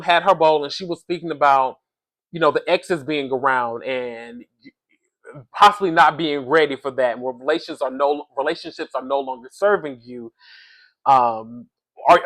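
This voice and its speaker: Guy doing a chatty reality tv recap, kinda high voice, talks right at his viewers. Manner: animated, talks to the audience as "y'all", says "allegedly" often. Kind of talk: casual commentary.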